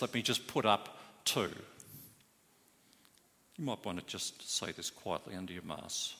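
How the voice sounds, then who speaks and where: A man's voice: medium pitch, bright, forceful tone. A man preaching a sermon as pastor, earnest and emphatic, stressing key words. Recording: hall reverb.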